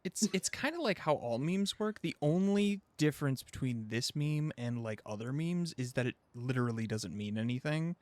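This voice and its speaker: A man co-hosting a relaxed podcast with friends, talking in long animated explanations and laughing easily. His voice is mid-pitched. The room sounds dry and close. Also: normal speed, few pauses, no room sound. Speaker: podcast co-host. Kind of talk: casual chat among friends.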